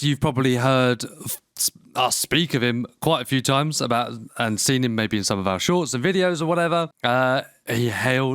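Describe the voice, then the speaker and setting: A British man hosts a casual gaming podcast at mid pitch, joking and laughing easily. The recording is dry and close. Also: fairly bright tone, smooth, no room sound. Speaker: podcast host. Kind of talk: casual chat.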